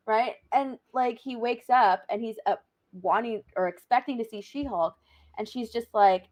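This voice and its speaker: A woman co-hosting a casual review chat, lively and incredulous, ranting and acting out quotes. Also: on the high side, normal speed, lo-fi sound.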